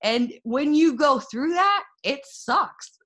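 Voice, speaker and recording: A young woman giving an excitable, chatty motivational talk to her followers about her network marketing success, full of fillers and laughter. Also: high voice, slow.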